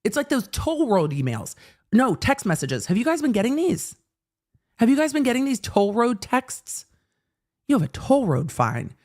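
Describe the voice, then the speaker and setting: A woman's voice: on the high side, big pitch swings, moderate pace, a little mellow. A woman hosting live commentary on a court hearing, talking in a blunt, sardonic way and swearing freely. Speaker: legal commentary host.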